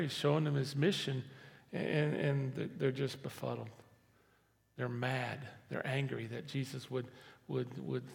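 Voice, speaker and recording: A man's voice: fairly high pitch, vocal fry, long reverb tail. A man preaching a sermon as pastor in a church sanctuary, conversational and repetitive, rising to emphatic stress.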